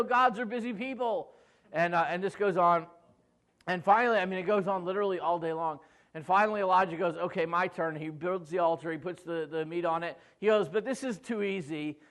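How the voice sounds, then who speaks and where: A man's voice: high-pitched, a bit bright. A male pastor retelling a scripture story in a casual, joking way, acting out the quoted lines and speaking to the congregation between them. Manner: jokey, acts out quoted voices with asides to the congregation.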